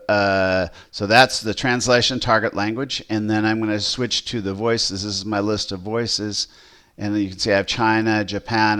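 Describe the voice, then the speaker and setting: A man who pastors, casually walking through a software demo, rambling with fillers and restarts. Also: on the low side, clear, resonant tone.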